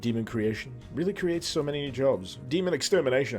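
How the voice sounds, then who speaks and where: A man's voice: mid-range voice, expressive, fast talker, a little mellow, faint music behind. Playful man commentating a live game. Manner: playful, exclaiming, chatty with jokes. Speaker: streamer.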